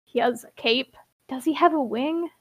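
High-voiced giggly woman retelling a story. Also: normal speed. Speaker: podcast host. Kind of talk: casual chat.

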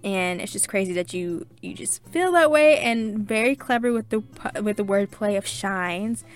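A woman's voice: mid-range voice, normal speed. A young woman hosting her own podcast, reading listener reviews aloud and thanking each one in a gushing, chatty way full of fillers. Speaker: podcast host.

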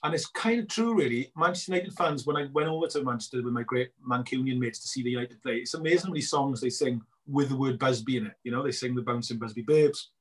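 Man, middle-aged, animated storyteller, husky, quick delivery. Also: mid-range voice. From Wales. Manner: animated storyteller acting out both sides of conversations. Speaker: guest filmmaker. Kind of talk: casual interview chat.

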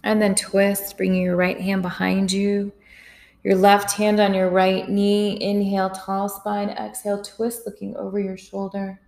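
A woman guiding a yoga and breathing session, calm and soft, counting breaths aloud. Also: mid-range voice, a little slow, vocal fry, low-quality recording. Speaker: yoga instructor. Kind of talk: guided yoga and breathing instruction.

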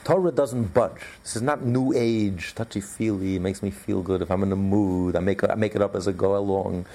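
A man's voice: low voice, fairly even intonation, normal speed, warm tone. A man teaching a recorded Torah class, emphatic and conversational, repeating his points with fillers.

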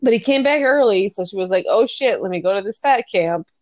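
A woman's voice: medium pitch, animated, brisk, no room sound, muffled recording. A woman co-hosting a podcast, chatting casually and retelling a story with lots of giggling. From Scandinavian heritage. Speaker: podcast co-host. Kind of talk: casual chat.

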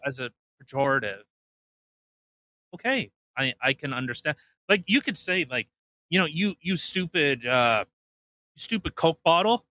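Canadian podcast guy, bright sharp voice, jokes around, lots of likes. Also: on the high side. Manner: joking, many repeated fillers like "like". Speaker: podcast co-host. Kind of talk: casual chat.

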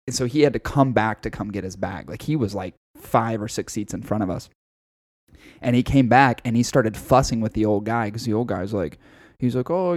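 Low-voiced man telling a profane story. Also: darkish tone, no room sound, studio quality. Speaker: podcast co-host. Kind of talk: casual chat.

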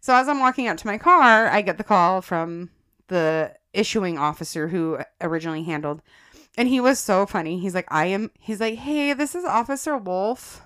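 A woman co-hosting a podcast, telling a personal story in casual chat. She is animated, laughs often and addresses the listeners as guys. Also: fairly low pitch, moderate pace, clear, resonant tone. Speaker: podcast co-host.

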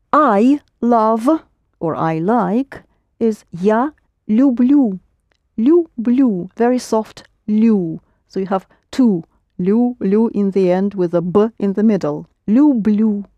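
A woman's voice: medium pitch, dark tone, no echo, lo-fi sound. A woman teaching a Russian lesson in English, patiently correcting her students' pronunciation. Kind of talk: language lesson.

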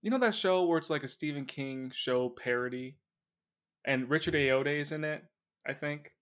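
A man's voice: on the high side, normal speed, a bit bright. A man co-hosting a comic podcast, playful and rambling, often breaking into laughs. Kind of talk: casual podcast banter.

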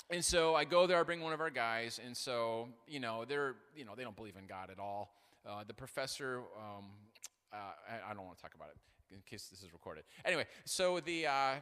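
In a big hall where long reverb trails off each phrase, a male pastor gives an animated sermon with self-deprecating humor. His medium-pitched voice is clear, resonant, bright, and forceful. He stumbles through fillers and restarts while telling stories.

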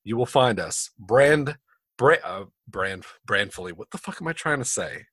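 A man co-hosting a casual podcast, chatty and relaxed, with plenty of fillers and restarts. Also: on the low side, moderate pace, slightly rough, no room sound, studio quality. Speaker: podcast co-host.

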